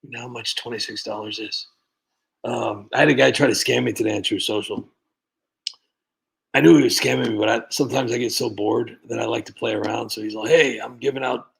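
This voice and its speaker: A man's voice: fairly low pitch, vocal fry, slightly rough. A man chatting casually on a livestream, telling a rambling sarcastic story. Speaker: streamer.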